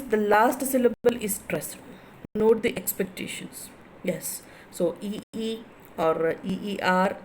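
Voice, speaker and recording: A woman lecturer with an Indian English accent, teaching word stress slowly and repeating each word aloud to drill it. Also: mid-range voice, darkish tone, a little hiss or hum, poor audio.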